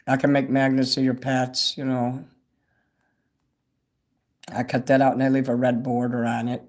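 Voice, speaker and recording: With a medium-pitched, level voice and a darkish tone, the older host talks at normal speed but pauses often. His livestream is loose and rambling, full of swearing and answers to viewer comments.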